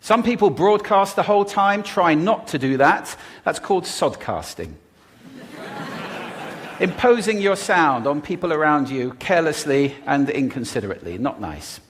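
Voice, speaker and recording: A man giving a talk on stage to a live audience about speaking, deliberately varying his pitch, pace and volume. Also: big pitch swings, slight background noise. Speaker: public speaker on voice.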